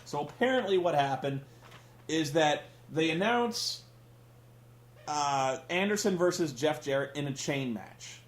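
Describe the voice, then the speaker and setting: Sarcastic ranting man, high lively voice. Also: measured pace, reverberant. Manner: sarcastic, profane, exasperated. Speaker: podcast host reviewing wrestling. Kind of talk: casual comedic rant.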